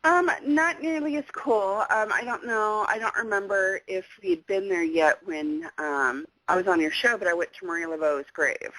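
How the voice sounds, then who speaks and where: A woman's voice: mid-range voice, moderate pace, hardly any pauses, fairly bright tone, dry recording, low-quality recording. A woman from Alaska, a guest on a casual radio chat, laughing often between phrases.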